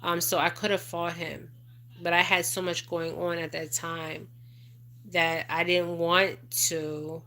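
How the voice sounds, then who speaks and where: Rambling woman host, bright voice, flat delivery. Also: lowish voice, slow pace. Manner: rambling, repeats "okay?" and "you guys", emotional asides. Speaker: spiritual advisor livestream host. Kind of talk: casual livestream chat reading viewer comments.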